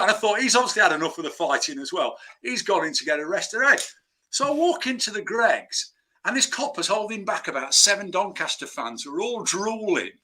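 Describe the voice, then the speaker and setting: A man, a podcast guest telling a lively anecdote and acting out the scenes. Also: on the high side. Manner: lively storyteller, acts out the scenes. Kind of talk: casual anecdote.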